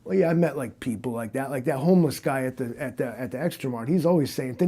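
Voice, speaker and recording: A man hosting a livestream, asking questions in a low-key, hesitant way with many fillers. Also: fast talker, mellow, husky. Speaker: livestream host. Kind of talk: improvised comic interview.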